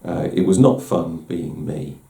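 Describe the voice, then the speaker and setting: Low gravelly man, roomy echo. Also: measured pace, warm tone. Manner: candid, self-deprecating, with frequent restarts. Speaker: host. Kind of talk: reflective personal talk.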